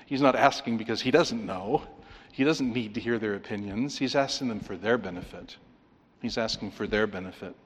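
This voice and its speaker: A man preaching an expository sermon, emphatic, with rhetorical questions and swings between loud and quiet. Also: fairly low pitch, normal speed, slightly rough. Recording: long reverb of a large hall.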